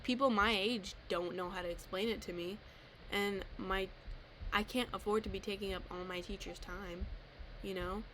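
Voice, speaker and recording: A woman's voice: mid-range voice, a bit bright, a little hiss or hum. A teenage girl ranting casually to camera, rambling and self-deprecating, with lots of filler words. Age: teens. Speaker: vlogger.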